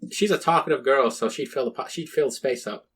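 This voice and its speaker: A man's voice: medium pitch, a little fast, a bit bright, slightly rough. A young man co-hosting a podcast, telling a rambling story with lots of swearing and acted-out quotes. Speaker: podcast co-host. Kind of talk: casual chat.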